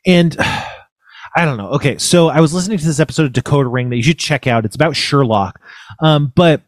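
A man's voice: a little high, dry recording, studio quality. A man in his thirties co-hosting a casual podcast chat over a video call, rambling with many hesitations and fillers. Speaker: podcast co-host.

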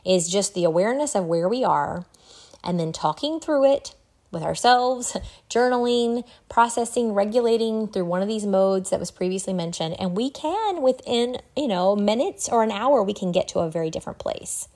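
A middle-aged woman hosting a solo podcast, talking in an earnest, reflective way with an occasional soft laugh. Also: mid-range voice, animated, normal speed. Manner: earnest, reflective, laughs softly now and then. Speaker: podcast host. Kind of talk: solo podcast talk on wellbeing.

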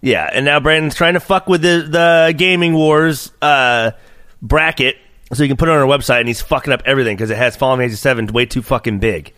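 A male podcast host who rambles, swears freely and keeps trailing off into fillers as he banters. His voice sits at an ordinary middle pitch. It is recorded close and dry, with almost no room sound. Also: quick pace, pushed and bright, no echo. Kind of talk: casual bickering podcast chat.

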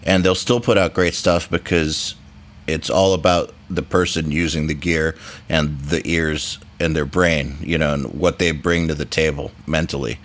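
A man hosting a casual podcast interview, agreeable and quick to laugh. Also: very deep voice, little pitch movement. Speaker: podcast host.

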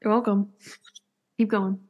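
A woman's voice: mid-range voice, flat delivery, measured pace, phone-quality sound. A woman in casual podcast chat, playful and teasing, giggling often.

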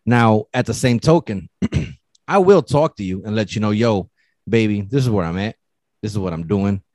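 A man's voice: on the low side, normal speed, dry recording. A man in casual chat, telling stories with lots of swearing and acting out what people said. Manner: animated storyteller, profane, acts out quotes.

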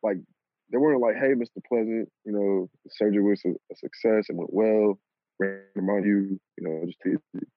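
Low husky man telling a story. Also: brisk, dry recording, faint music behind. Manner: animated, laughs at himself, swears casually. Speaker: guest telling a personal story. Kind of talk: casual storytelling. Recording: lo-fi phone-like audio.

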